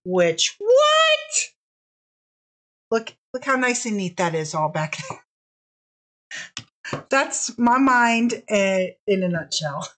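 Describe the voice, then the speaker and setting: A woman's voice: on the high side, fairly bright tone, poor audio. A woman hosting a live-streamed fabric sale, chatting casually, gushing over the fabrics and apologizing often.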